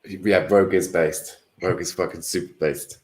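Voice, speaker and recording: Guy ranting on a stream, lowish voice, swears loads, keeps losing the thread. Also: steady tone, moderate pace, a little mellow. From Britain. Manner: rambling, swears a lot, loses his train of thought. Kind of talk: casual political chat.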